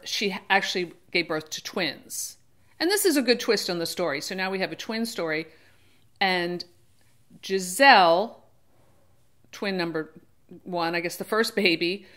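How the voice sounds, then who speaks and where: A woman's voice: lowish voice, a bit bright. A woman hosting her own channel, chatting casually through a book discussion and often correcting herself as she goes. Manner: chatty, digressive, often restarts and self-corrects; acts out characters in brief quoted voices. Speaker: book reviewer and channel host.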